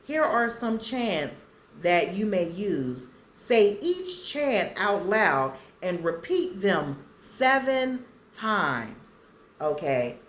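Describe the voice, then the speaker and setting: Slow, lively-voiced woman vlogger in echoey room. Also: mid-range voice. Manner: slow, deliberate reading for viewers to copy. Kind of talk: casual vlog reading affirmations aloud.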